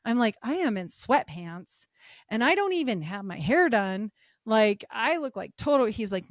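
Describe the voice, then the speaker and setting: A woman's voice: fairly high pitch, normal speed, no echo, clean studio sound. A middle-aged woman chatting as a podcast guest, telling stories with lots of laughter and acted-out quotes. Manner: animated storytelling, laughing often, acting out quotes. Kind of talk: casual chat.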